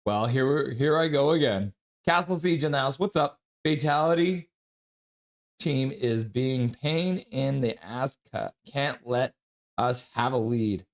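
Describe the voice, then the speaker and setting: Slow and mid-range, this man's voice belongs to a livestream host reading viewer comments aloud and greeting people by name. He sounds sniffly, with a runny nose, and keeps things casual.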